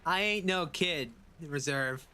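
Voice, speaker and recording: Male streamer, slightly high, bright voice; casual rambling commentary with joking pirate asides. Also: slow pace, smooth.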